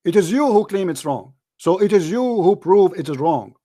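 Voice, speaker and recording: A man with a high-pitched voice hosts a heated call-in debate. He is combative and mocking and hammers the same phrases again and again. The recording is close and dry. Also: expressive, moderate pace, mellow, no room sound. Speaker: host of a call-in debate show.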